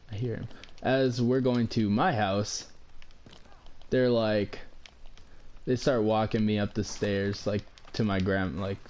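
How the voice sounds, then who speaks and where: A man's voice: on the low side, a little mellow. Rambling young guy telling a story. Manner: rambling, heavy use of "like", swears casually. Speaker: vlogger. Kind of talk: casual storytelling.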